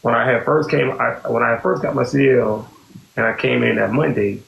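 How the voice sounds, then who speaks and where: Speaking fairly quickly in a creaky, medium-pitched voice, a male podcast host recounts a personal story. His delivery is casual and rambling, looping back to "you know what I'm saying." Crowd noise mixes with the echo and faint hiss of the room.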